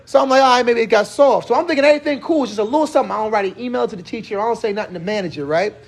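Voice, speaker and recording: A man in his thirties hosts a relaxed chat and tells an animated story. His voice sits very high with a gravelly edge. He talks quickly and slips into each person he quotes. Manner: animated, acts out quoted dialogue. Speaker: host. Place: barbershop.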